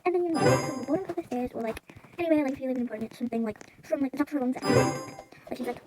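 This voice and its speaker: Sped-up female voice, very high and rushed, rambling story-time chatter over loud music. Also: poor audio. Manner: rambling, full of "like" and "you know".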